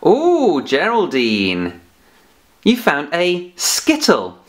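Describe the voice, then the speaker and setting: A man's voice: fairly high pitch, big pitch swings, measured pace. A man teaching phonics to children, patiently and playfully telling off a puppet giraffe as he goes. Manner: gently scolding, patient, playful.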